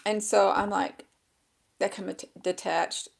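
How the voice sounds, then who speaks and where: Woman, gravelly crackly voice, rambling casual vlog, self-deprecating, talking to a handheld mic at a table. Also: medium pitch, fairly even intonation, slow pace. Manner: rambling and self-deprecating, loses her train of thought. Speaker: vlogger. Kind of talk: casual chat to camera. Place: indoors at a table with a laptop. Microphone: small handheld microphone.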